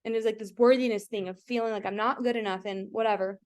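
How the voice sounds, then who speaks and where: Hosting a coaching call over video, a woman shares an emotional personal story, earnest and chatty, constantly saying "like" and asking her listeners direct questions. Her mid-range voice is quick and darkish, with fairly even intonation.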